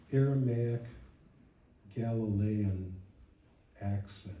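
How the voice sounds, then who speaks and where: A man's voice: mid-range voice, dark tone. A man in his seventies reading his poems aloud at a public reading, wry and reflective, in a church hall. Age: 70s. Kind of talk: poetry reading. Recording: echoey hall, mic at a distance.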